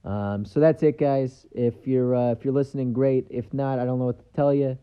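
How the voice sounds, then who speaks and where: A man's voice: mid-range voice, fairly even intonation, normal speed, clean tone, lo-fi sound. A man hosting his own podcast, talking in a loose, rambling way with lots of fillers and an offhand tone. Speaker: podcast host. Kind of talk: casual solo podcast monologue.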